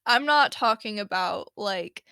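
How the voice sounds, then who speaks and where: A woman's voice: medium pitch, a little slow, clean tone, no echo, clean studio sound. A woman hosting a podcast, talking casually and retelling a story with lots of fillers and little laughs. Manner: chatty, animated retelling with frequent fillers and laughs. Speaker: podcast host. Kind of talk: casual solo podcast talk.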